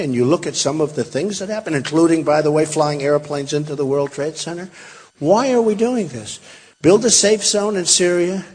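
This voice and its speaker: This political candidate, a man in his sixties, has a husky voice on the high side with a slight mellowness. His rally speech in a large hall is rambling and emphatic, full of repetitions and asides to the crowd, and it echoes with long hall reverb.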